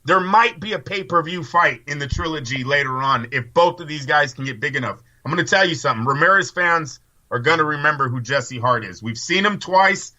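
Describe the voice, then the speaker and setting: A man's voice: on the high side, expressive, a little fast, hardly any pauses, sharp tone, muffled recording. A man co-hosting a casual boxing podcast, giving rambling, opinionated takes with casual swearing. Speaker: co-host.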